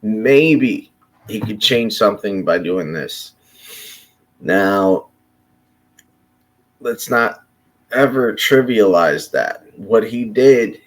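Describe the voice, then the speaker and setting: A man from Chicago delivering an unscripted, impassioned monologue, blunt and profane, often breaking off and restarting his sentences. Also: fairly low pitch. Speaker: commentator.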